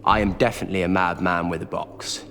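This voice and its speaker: An actor playing an eccentric alien time traveller in a television drama, talking in a brisk, theatrical, self-mocking way. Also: male voice, deep voice, steady tone, big-room sound. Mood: earnest. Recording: score music behind dialogue. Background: soundtrack music.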